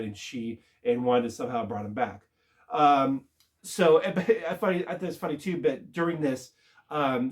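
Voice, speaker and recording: Rambling, halting male TV reviewer. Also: mid-range voice. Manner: rambling, halting, lots of filler words. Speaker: TV show reviewer. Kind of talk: casual spoiler recap.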